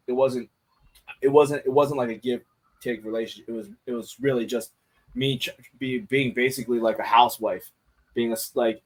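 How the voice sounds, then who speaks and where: In casual podcast chat, a man speaks candidly in a steady, mid-range voice at normal speed. He swears often and restarts his sentences frequently.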